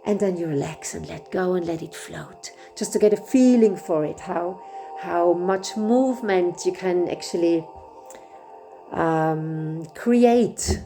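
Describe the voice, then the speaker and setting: Gentle, mellow-voiced woman guiding breathwork. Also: on the low side, soft background music. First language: German. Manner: unhurried, gentle, with restarts and fillers. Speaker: breathwork facilitator. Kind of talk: guided breathwork instruction.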